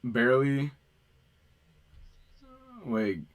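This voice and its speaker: A man hosts a casual livestream in a mid-range voice. He talks slowly and haltingly, with restarts and trailing words as he works through audio trouble. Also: mid-range voice. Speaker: livestream host.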